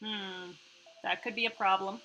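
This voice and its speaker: Bright, playful woman streamer. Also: mid-range voice, unhurried, muffled recording, slight background noise. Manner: playful, chatty, reacts with excitement. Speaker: streamer reading a visual novel game. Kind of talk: reading a story game aloud with casual commentary.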